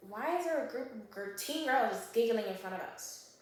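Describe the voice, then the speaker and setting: A woman recapping a thriller book in a casual vlog, acting out the characters in animated voices and often checking in with the viewer. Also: fairly high pitch, moderate pace. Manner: animated storyteller who acts out characters. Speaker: book vlogger. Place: home kitchen while baking. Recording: very echoey room.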